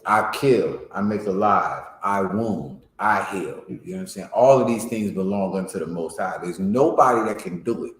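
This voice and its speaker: Man, Bible class teacher, lowish voice, slangy explaining, keeps checking in with listeners, echoey room. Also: moderate pace, few pauses. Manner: explains verses in plain slang, often asks "you know what I'm saying?".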